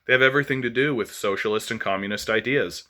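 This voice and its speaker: Forceful low-voiced man ranting. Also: quick pace. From Canada. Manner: forceful, impassioned, with many fillers and restarts. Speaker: channel host. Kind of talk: political monologue vlog.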